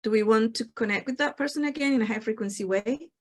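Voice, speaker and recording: A woman hosting a spiritual talk show, calmly explaining her ideas and acting out the replies people give. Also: fairly high pitch, fast talker. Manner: reflective, explanatory, acts out quoted replies. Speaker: host.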